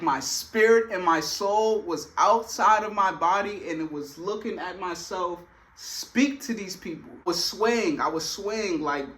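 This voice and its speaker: A man's voice: sits high, sharp tone. A young man telling a personal story in a casual, slangy way, full of filler phrases.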